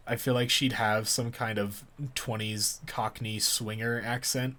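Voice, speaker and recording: A man's voice: lowish voice, fairly even intonation, normal speed, fairly bright tone. A man reading a comedy role-playing game aloud as host, rambling and poking fun at his own reading. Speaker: let's play host.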